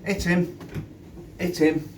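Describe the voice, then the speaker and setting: A middle-aged Englishman, once a doorman, tells a fight story bluntly and swears freely, in stops and starts. He is recorded outdoors and sits well back from the mic. Wind rushes across it. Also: high-pitched, flat delivery. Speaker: former doorman. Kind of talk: casual storytelling to camera. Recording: distant mic with wind noise.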